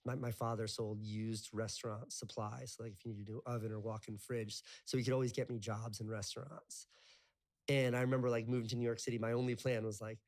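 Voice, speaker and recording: A man's voice: on the low side, little pitch movement, brisk, darkish tone. Guy in his 30s rambling through his life story, tons of "like," swears a bit, super casual. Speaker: interview guest.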